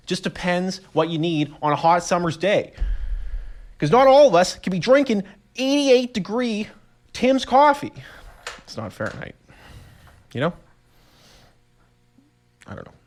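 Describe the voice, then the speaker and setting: A young man, casually rambling through a solo podcast story, animated and self-amused. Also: high-pitched, a little slow, pauses often. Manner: rambling, animated storytelling with laughs and voiced reactions. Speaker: podcast host.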